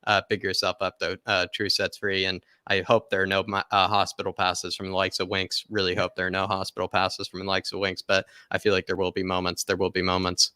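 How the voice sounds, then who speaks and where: A man's voice: low-pitched, monotone, a little fast, hardly any pauses, pushed and bright, clear, resonant tone, no echo, studio quality. Chatty man hosting a football live stream. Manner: chatty, rambling with fillers and laughs. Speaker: football channel host. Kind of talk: live stream chat reading viewer comments.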